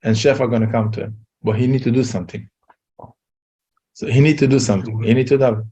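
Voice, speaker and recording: A man telling a Torah story in a casual talk, halting and repeating words. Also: medium pitch, fairly even intonation, dark tone, husky. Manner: halting, repeats words, Yiddish-laced English. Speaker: rabbi giving a talk.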